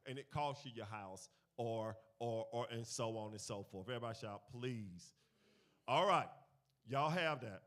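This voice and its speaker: A man's voice: medium pitch, moderate pace. A man teaching a congregation in a sermon, telling stories and leading call-and-response, repeating key phrases. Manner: animated storytelling, swings from quiet to loud. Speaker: church teacher leading a finance talk. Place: church gathering.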